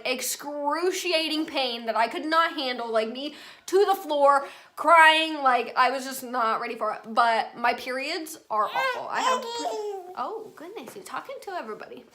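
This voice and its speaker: A young woman tells a personal story straight to her viewers, calling them y'all. Her voice sits high and sounds bright and forward. She keeps the delivery loose, casual and talkative. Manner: chatty, addresses viewers as y'all. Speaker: vlogger.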